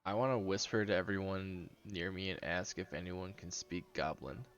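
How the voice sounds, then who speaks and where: Low-voiced man on a dull lo-fi mic. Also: steady tone, normal speed, a bit bright. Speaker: tabletop game player. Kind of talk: casual game chat.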